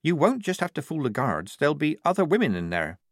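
A man voicing a quick-witted young woman disguised as a boy soldier, speaking carefully and tactfully. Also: fairly high pitch, huge pitch swings, no room sound, studio quality, voice pushed up, heavily acted.

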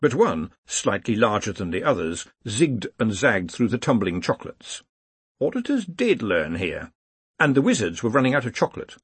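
A man reading an audiobook in a wry, expressive storytelling manner. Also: lowish voice, moderate pace, husky, no room sound. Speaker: audiobook narrator. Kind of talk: scripted narration.

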